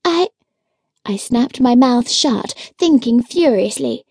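A woman narrating a historical novel in first person, with a lively storytelling manner at a close microphone. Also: fairly high pitch, slow pace, husky, no echo. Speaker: audiobook narrator.

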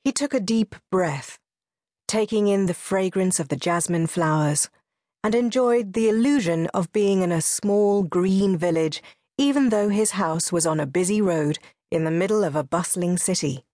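A woman narrates a novel in an unhurried, measured way. Her voice sits slightly low. The studio sound is dry, with no room echo. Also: a little mellow. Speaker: audiobook narrator. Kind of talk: scripted audiobook narration.

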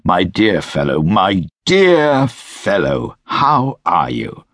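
A man playing a pompous, effusive gentleman. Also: deep voice, sing-song, a little slow, husky, no room sound, studio quality, full character voice. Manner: effusive, self-important. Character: hearty, pompous middle-aged gentleman. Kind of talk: audiobook character voice.

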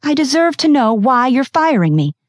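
A fiery, defiant woman executive with an angry, forceful manner, as a female audiobook narrator reads her. She sounds close and dry, with no room around her. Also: high voice, big pitch swings, normal speed, dry recording, voice pushed up. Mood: furious.

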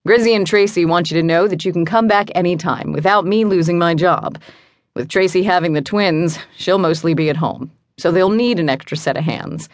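Woman voicing a gentle middle-aged dad. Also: fairly low pitch, moderate pace, no room sound, clean studio sound, lightly acted. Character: warm caring father on the phone, middle-aged man.

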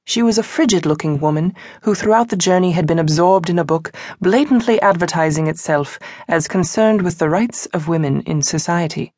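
Woman reading a mystery audiobook, lowish voice, steady and even, dry close mic. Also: moderate pace, few pauses, dry recording. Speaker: audiobook narrator. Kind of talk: scripted narration.

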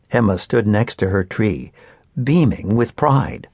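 Male audiobook narrator for kids, very lively intonation, dry close sound. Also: fairly low pitch, measured pace, no echo. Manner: animated, expressive storytelling. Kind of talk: scripted narration of a children's book.

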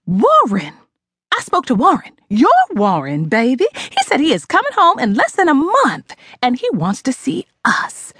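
Lady narrator putting on a gushy excited mom, voice up high and bouncy, dry close sound. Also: a little slow, slightly rough, no room sound, exaggerated voice. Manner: gushing, eager, talks over her daughter. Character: excited, chatty middle-aged mother. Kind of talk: audiobook character voice.

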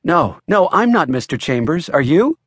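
A man voicing an excited, pleading young man in his twenties who is urgent and polite in an audiobook. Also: mid-range voice, normal speed, slightly rough, no room sound, clean studio sound. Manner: urgent, polite, says "sir".

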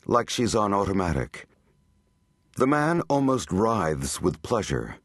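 A man's voice: low-pitched, sing-song, unhurried, no echo, clean studio sound. A man narrating an audiobook in a dramatic, tense storytelling manner. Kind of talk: scripted narration.

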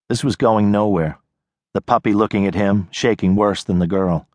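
A man giving measured scripted narration of a short story in an audiobook, on a close studio mic. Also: on the low side, darkish tone, dry recording.

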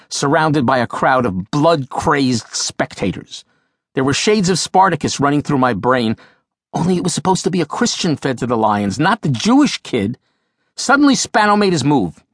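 Wry, animated memoir narrator, man. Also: medium pitch, dry recording, studio quality. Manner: wry, comic storytelling. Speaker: author narrating his memoir. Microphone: studio microphone.

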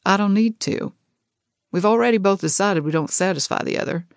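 A woman's voice: medium pitch, brisk, dry recording, lightly acted. A woman voicing a blunt, teasing young man who drawls his dry remarks.

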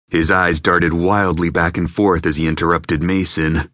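A man narrating an audiobook in an even, measured reading voice. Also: sits low, dry recording, studio quality. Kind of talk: scripted narration.

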